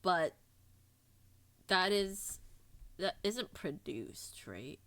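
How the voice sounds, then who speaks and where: A woman's voice: lowish voice, very animated, drawn-out words, a bit bright. A woman streamer in casual chat with her audience, bubbly and giggly, teasing herself in a playful way.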